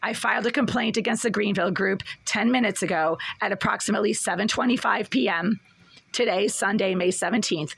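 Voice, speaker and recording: A hoarse woman with a raspy, cracking voice, insistently complaining in a self-filmed video from her small apartment. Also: medium pitch, brisk, a bit bright. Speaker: tenant filming a complaint video. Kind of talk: agitated self-filmed vlog. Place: small apartment, near a window.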